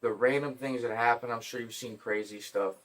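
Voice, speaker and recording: A man's voice: mid-range voice, fairly quick, far from the mic. A man hosting a podcast, telling stories in a casual, profane, joking way. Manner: profane, joking, animated storyteller. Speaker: podcast host. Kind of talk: casual storytelling chat.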